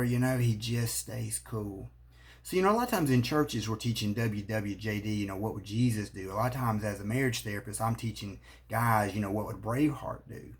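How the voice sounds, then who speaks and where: A man's voice: fairly low pitch, fairly quick. A man, a marriage therapist giving earnest advice straight to the camera. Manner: earnest, coaching, speaks straight to the viewer. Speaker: marriage therapist and relationship coach. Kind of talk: direct-to-camera advice talk.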